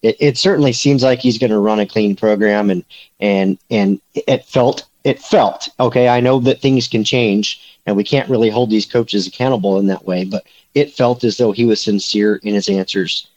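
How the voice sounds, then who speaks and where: A man's voice: fairly low pitch, normal speed, darkish tone, lo-fi sound. A man co-hosting a casual sports podcast, rambling with lots of fillers and restarts. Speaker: podcast co-host, recruiting beat reporter.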